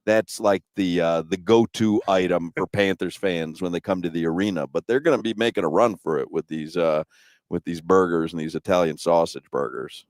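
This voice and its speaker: Male sports radio host, lowish voice, dry close sound; easygoing banter and smooth ad reads. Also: normal speed, dry recording. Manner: easygoing, teasing, reads sponsor copy smoothly. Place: arena suite at a live broadcast.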